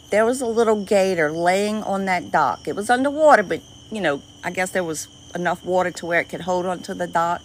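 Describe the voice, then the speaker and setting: Woman, Cajun accent, squeaky voice, chatty livestream host, outdoor dock at night, faint crickets and insects. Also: slight background noise, rough recording. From Louisiana. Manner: chatty, greets viewers by name, easily delighted. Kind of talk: casual livestream chat. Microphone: phone livestream.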